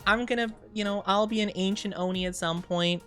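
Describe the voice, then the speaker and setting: Streaming in a casual chat, this twenty-something woman rambles, giggles a lot and toys with silly voices. She speaks briskly in a mid-range, slightly bright voice with a steady tone, over soft background music.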